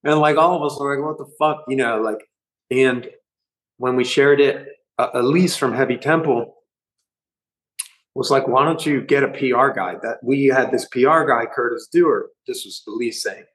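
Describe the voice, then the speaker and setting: Middle-aged guy rambling thru a story, swears a lot, gets animated, normal pitch. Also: moderate pace, low-quality recording. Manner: rambling, profane, animated retelling. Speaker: band musician guest. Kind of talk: casual storytelling interview.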